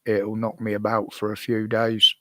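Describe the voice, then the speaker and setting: This older British English speaker from the United Kingdom streams live from home using a desk microphone, and the recording is dry. He answers viewers in relaxed, rambling chat, chuckling often, in a low, completely flat voice at a moderate pace.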